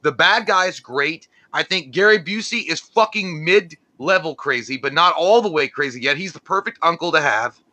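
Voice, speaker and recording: A man's voice: on the high side, lively intonation, moderate pace, few pauses, sharp tone. A man co-hosting a casual movie podcast, profane and joking, laughing often. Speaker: podcast co-host. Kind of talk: casual chat.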